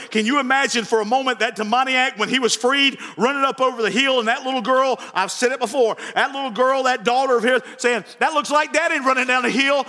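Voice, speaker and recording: A man's voice: very high voice, sharp tone. A male pastor preaching an evening sermon, telling folksy stories and repeating his phrases. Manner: folksy storytelling, repeats phrases, acts out dialogue. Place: church sanctuary. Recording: reverberant church hall.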